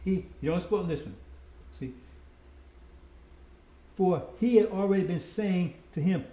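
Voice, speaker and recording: High-voiced preacher in an echoey room. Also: male voice, animated, measured pace, long pauses, mellow. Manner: repetitive, keeps asking "see?" and "right?"; addresses "brothers and sisters". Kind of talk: sermon. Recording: roomy echo.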